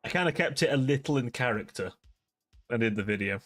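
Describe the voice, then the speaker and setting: A man's voice: medium pitch, lively intonation, a little fast, fairly bright tone, soft background music. A young man hosting a live stream, chatting casually with his chat, rambling and laughing at himself. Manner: giggly, rambling, self-deprecating. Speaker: livestream host.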